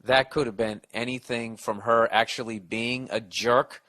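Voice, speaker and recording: A middle-aged man hosts a comedy podcast alone, with a bright, forward voice. He rants, swears and mocks, sounding exasperated while he hands out blunt advice. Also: medium pitch, fairly even intonation, unhurried. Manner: profane, exasperated, sarcastic ranting. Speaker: podcast host giving advice. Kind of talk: ranting comedic podcast monologue.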